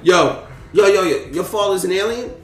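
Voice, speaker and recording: A man's voice: high voice, normal speed, fairly bright tone, distant mic. A man co-hosting a casual podcast, playfully firing off cheesy pickup lines. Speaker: podcast co-host. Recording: echoey room, off-mic, music faint.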